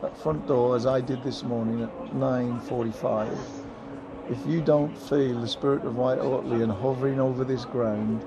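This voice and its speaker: A man's voice: medium pitch, steady tone, normal speed, a crowd in the background, poor audio. An older man, a former footballer, giving a heartfelt, emotional interview outdoors at a stadium, piling up phrases with many ums.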